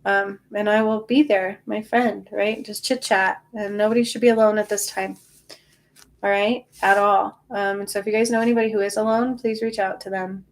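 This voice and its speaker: A woman's voice: medium pitch, fairly even intonation, moderate pace. A tired woman hosting a spiritual livestream, chatting casually and answering viewer comments in a reassuring way.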